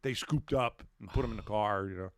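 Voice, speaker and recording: A middle-aged man telling a story on a podcast in a casual way. He swears freely and acts out the shouts and quotes of the people in it. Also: on the low side, brisk, no room sound, studio quality.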